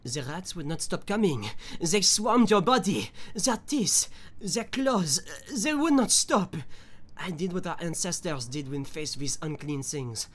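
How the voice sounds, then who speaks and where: A man's voice: on the high side, lively intonation, measured pace, a bit bright. A man reading a note aloud as a frightened, grieving soldier, in a put-on French accent and a mournful, dramatic manner. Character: grieving, frightened soldier writing to a dead comrade.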